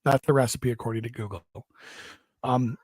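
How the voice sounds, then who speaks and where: A man's voice: medium pitch, steady tone, moderate pace, a little mellow, no room sound, clean studio sound. A middle-aged man co-hosting a comedy podcast, rambling through crude stories about raising kids with profane asides. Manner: profane, rambling storytelling with mocking impressions. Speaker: podcast co-host.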